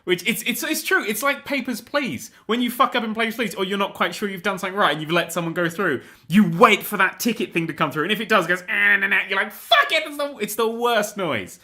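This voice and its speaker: A young man hosting a gaming show, ranting in a casual, animated, sweary, exasperated way. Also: high voice, fast talker, hardly any pauses. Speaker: gaming host. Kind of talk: casual rant about a video game.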